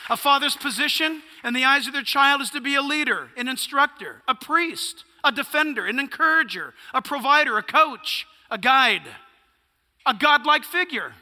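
A man's voice: very high-pitched, moderate pace, pushed and bright, big-room sound. A male pastor preaching a sermon, emphatic and punchy, firing off rhetorical questions.

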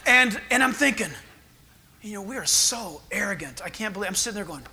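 A man's voice: high voice, lively intonation, brisk, vocal fry, sharp tone, slight background noise. A man, a pastor preaching a sermon, telling stories with acted-out voices and laughter.

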